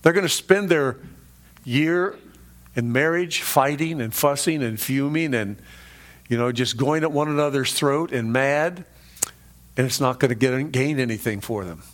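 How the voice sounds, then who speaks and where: A man preaching a sermon, emphatic and conversational, swinging from rising peaks to low drops and speaking directly to his listeners. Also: a little slow. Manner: conversational asides to the congregation. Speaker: pastor.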